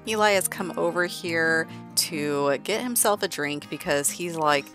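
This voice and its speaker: A woman narrating a life-sim game in a chatty, casual way, sprinkling "like" through her talk. Her voice sits low. Faint music plays underneath. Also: measured pace, a bit bright. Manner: chatty, heavy use of "like". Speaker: let's play narrator.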